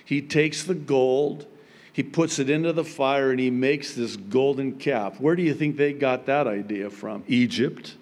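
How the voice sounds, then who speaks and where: A male pastor praying and then preaching, with bursts of loud, high emphasis on key words. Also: unhurried. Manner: animated preaching with sudden emphatic pitch jumps. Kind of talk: sermon. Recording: long hall reverb.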